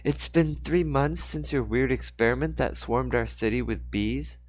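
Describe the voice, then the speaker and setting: A man's voice: medium pitch, moderate pace, no room sound, voice pushed up, lightly acted. A man voicing a furious woman assistant in her forties, scolding sharply in a read-aloud story.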